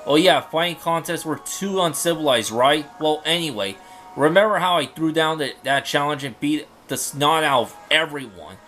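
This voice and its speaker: A brash young samurai retainer, voiced by a man in a fantasy game fan dub. He is loud, blunt and boastful, with a slightly high voice, and faint music plays behind him. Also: lively intonation, normal speed.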